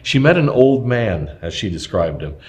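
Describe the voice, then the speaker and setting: A man reading a scripted historical text aloud in a measured, steady way, with occasional small slips. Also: fairly low pitch.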